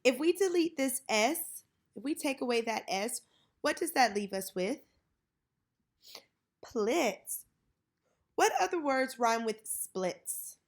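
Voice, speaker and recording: A woman teacher leading a children's reading lesson, modeling each word slowly and clearly. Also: a little high, animated.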